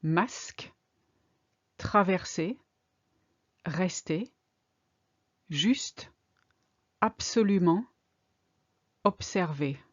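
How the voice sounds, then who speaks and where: Woman teaching pronunciation, slow and deliberate. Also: lowish voice, lively intonation, no room sound, muffled recording. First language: French. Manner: clear, deliberate, slows down on example words. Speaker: French teacher. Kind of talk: pronunciation lesson.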